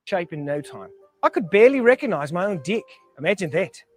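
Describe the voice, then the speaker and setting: An earnest Kiwi pitchman in a comedy commercial voice-over, with a New Zealand accent and a lively, swooping delivery. The voice is husky and a little breathy, with faint music behind it. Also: fairly quick, dry recording. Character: earnest male deck-sealant pitchman. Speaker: ad spokesman.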